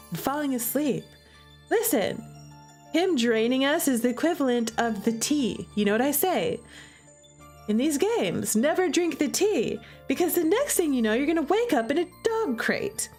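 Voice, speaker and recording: A young woman streamer giving playful, chatty commentary while playing a romance game. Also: sits high.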